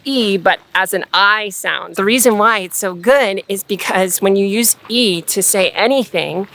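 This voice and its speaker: A woman in a casual tutorial vlog, talking through her tips in an easygoing, explanatory way. Her pitch sits in the middle range, and she leans on fillers as she shows how things sound. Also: bright, forceful tone. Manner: chatty, explanatory, frequent fillers like "like"; demonstrates sounds while explaining. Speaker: vlogger giving voice tips.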